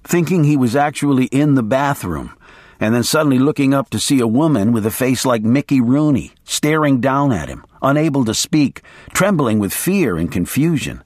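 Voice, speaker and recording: Male audiobook narrator, dramatic first-person delivery, very animated pitch. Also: moderate pace, dry recording, studio quality. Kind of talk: audiobook reading.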